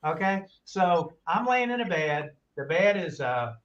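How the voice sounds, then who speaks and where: A man telling long, animated stories in casual chat and acting out the quoted voices, recorded with muffled audio. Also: a little high, measured pace. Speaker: guest on a talk stream. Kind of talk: casual storytelling.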